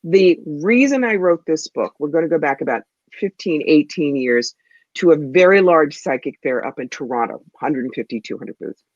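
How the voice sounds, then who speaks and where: A woman guest, a psychic medium and author, telling stories in an interview in a punchy, animated way. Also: low-pitched, normal speed, no room sound, highs cut off. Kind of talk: interview storytelling.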